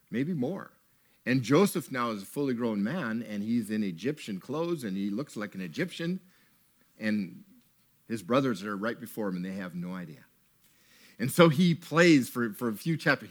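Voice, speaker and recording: A man preaching a sermon in a tent to a gathered audience, retelling a Bible story with animated asides and acted-out lines. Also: medium pitch. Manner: animated storytelling, acts out characters.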